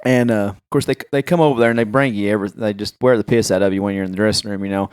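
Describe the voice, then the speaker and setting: A man co-hosting a podcast, telling animated stories in casual chat and acting out quoted lines. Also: lowish voice, racing, hardly any pauses, clear, resonant tone, no room sound, studio quality. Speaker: podcast co-host.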